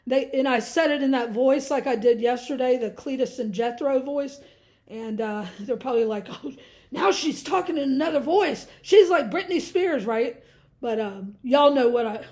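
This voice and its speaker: A woman's voice: high-pitched, a little mellow. A woman vlogger speaking in a casual monologue to her viewers, rambling and preachy and laughing often.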